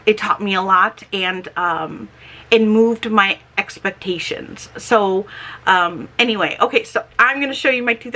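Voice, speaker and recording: A middle-aged woman chatting casually in a vlog, talking slowly and carefully, with slightly slurred, lisping S sounds from her dentures. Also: medium pitch, bright, forceful tone. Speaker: homestead vlogger.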